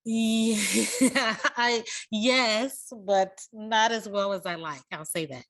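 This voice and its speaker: A woman joining an online workshop and reading a short briefing in a measured way. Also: fairly high pitch. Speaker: workshop participant.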